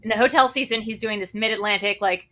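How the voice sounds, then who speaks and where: A woman co-hosting a casual movie chat show, excitable and quick to react, reading out live chat messages. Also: medium pitch. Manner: excitable, swears, reads live chat aloud. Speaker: co-host.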